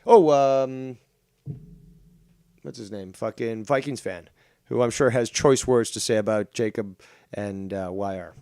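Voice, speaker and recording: A man hosting a livestream talk show in a rambling, profane, animated way. His voice sits in an ordinary middle pitch and sounds dry and close to the mic. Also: unhurried, pauses often, smooth, dry recording. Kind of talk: casual livestream commentary.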